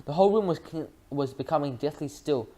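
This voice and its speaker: A reader narrating a children's book aloud in a lively way, with frequent slips and restarts. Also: mid-range voice, fairly quick.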